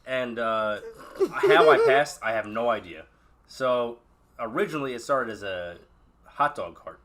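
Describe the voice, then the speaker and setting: A man's voice: medium pitch, lively intonation, unhurried, a bit bright. A man co-hosting a podcast, telling funny stories in a casual chat and laughing at them. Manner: laid-back storyteller who laughs at his own stories. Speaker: podcast co-host.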